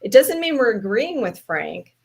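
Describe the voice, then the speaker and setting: A woman with a Southern US accent, chatting as a podcast guest and telling stories in a playful, animated way. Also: on the high side, measured pace, creaky, breathy edge. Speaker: podcast guest, trainer and speaker. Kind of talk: casual panel chat.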